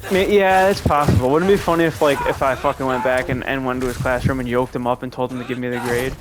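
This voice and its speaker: A man's voice: mid-range voice, fairly even intonation, fast. A young man with a mid-range voice chats through a gameplay session, drifting between game moves and long, rambling anecdotes. His talk is loose and laid-back, with frequent swearing, over a noisy background. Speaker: gameplay commentator. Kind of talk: casual gameplay commentary with storytelling.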